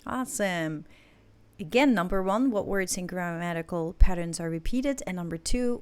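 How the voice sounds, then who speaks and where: A woman English teacher giving a recorded listening lesson, explaining points slowly and checking in with her students. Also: on the low side.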